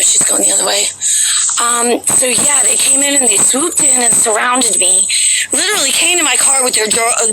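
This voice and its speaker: A woman's voice: on the high side, vocal fry, background noise. Chatty woman rambling outdoors. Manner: rambling, chatty, with many fillers. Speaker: vlogger. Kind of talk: casual storytelling to camera. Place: outdoors near a capitol building.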